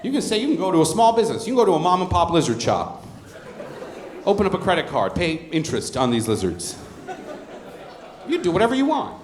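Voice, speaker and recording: A man in his thirties doing stand-up on a club stage into a handheld mic, with a high voice that swings up and down a lot as he tells deadpan, crude stories. The room sounds roomy and open, with a faint murmur in the background. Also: fast, pauses often, slight background noise. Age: 30s. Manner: deadpan storytelling with crude asides. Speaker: stand-up comedian. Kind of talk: stand-up comedy set. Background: audience laughter.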